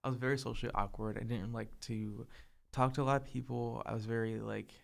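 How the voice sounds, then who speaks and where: A soft-spoken young man co-hosting a casual podcast chat, talking hesitantly with lots of filler words. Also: medium pitch, fairly even intonation, quick pace, gravelly. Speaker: podcast co-host.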